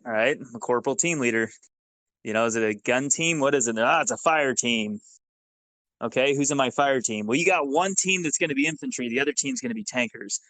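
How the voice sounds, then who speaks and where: A former Army sergeant, guesting on a podcast, tells army stories in a casual, profane, animated way, acting out the dialogue. His medium-pitched voice moves briskly, with no room sound and a rough recording.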